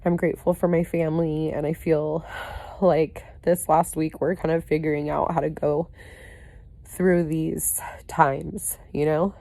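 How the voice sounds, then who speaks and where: A woman's voice: low voice, little pitch movement, measured pace, gravelly, warm tone, dry recording. A woman giving a candid, rambling personal video update, full of "you know" and "like" fillers and casual swearing. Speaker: vlogger.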